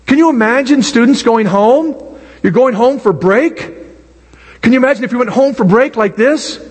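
Husky high-voiced man preaching in a hall. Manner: animated, drawn-out emphatic preaching with acted asides. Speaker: pastor. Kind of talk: sermon. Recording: long hall reverb.

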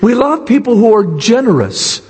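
A man with a raspy, hoarse voice preaches from the pulpit, and his pitch sits high for a man. His words ring out with long reverb in a church hall. He pushes toward shouting at the climaxes. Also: very animated, normal speed. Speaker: pastor. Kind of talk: sermon.

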